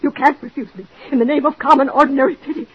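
An actress playing a desperate jealous wife. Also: female voice, sits high, steady tone, quick pace, lightly acted. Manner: pleading, overwrought, breathless. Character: desperate jealous married woman, Mrs. Bradley. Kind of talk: 1940s radio drama acting. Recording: dull old radio recording.

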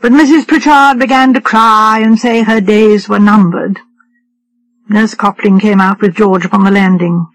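A woman audiobook narrator reading a story in a measured, even way. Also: medium pitch, rough recording. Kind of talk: scripted narration.

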